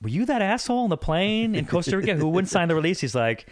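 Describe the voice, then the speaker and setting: A man of middle pitch with a very lively, swinging voice tells a story as a podcast guest. He acts out the voices of the people he quotes. The recording is close and dry. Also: quick pace, dry recording. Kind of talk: casual storytelling chat.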